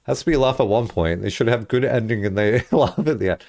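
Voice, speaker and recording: A man's voice: quick pace, vocal fry. A man streaming a video game, joking and reacting casually as he plays. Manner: joking, animated, with sudden swings in pitch. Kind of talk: casual let's-play commentary.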